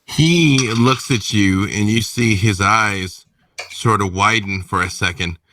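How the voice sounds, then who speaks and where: A man running a tabletop role-playing game as game master, narrating the scene with lively storytelling. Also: fairly low pitch, takes it slowly, a little hiss or hum.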